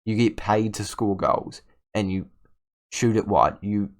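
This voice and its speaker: A man's voice: lowish voice, unhurried. A young man ranting over gameplay. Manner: exasperated, ranting at his players, stammering restarts. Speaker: gaming YouTuber. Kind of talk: casual gameplay commentary.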